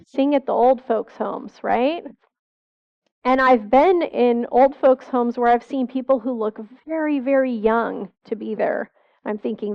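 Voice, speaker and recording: A woman's voice: on the high side, unhurried, gravelly, dull audio. A middle-aged woman therapist giving a church seminar talk, earnest, asking the audience questions as she lists symptoms.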